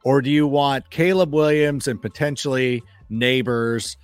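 A man as a guest football analyst in a casual sports chat, telling animated stories, acting out quoted remarks and swearing freely. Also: mid-range voice, unhurried, clear, resonant tone, dry recording, soft background music. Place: studio.

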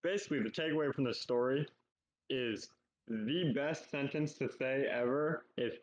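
A man's voice: mid-range voice, moderate pace, dry recording. Young male co-host, dry teasing humor, muffled lo-fi call sound. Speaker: podcast co-host. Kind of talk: casual chat. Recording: dull lo-fi call audio.

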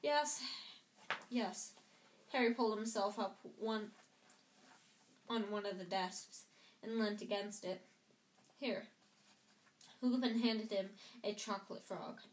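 A woman's voice: medium pitch, fairly even intonation, moderate pace, slight background noise. Woman reading a book aloud in an echoey room. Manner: casual, stumbles and rereads lines. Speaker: audiobook reader. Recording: roomy echo.

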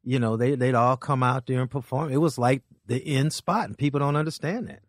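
Rambling and animated, a male guest comedian tells stories in casual conversation, frequently starting over. He speaks briskly in a mid-range voice, and there is no echo.

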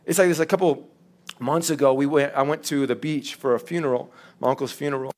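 A man's voice: medium pitch, steady tone, a little fast, darkish tone. A man, preaching a sermon as a pastor in a candid, conversational way, acting out quotes as he tells stories.

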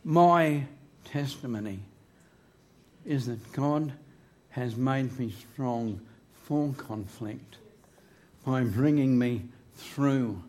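A man's voice: medium pitch, very slow, darkish tone. A man preaching a sermon in church into a microphone, emphatic and humorous, drawing his phrases out. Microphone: handheld microphone.

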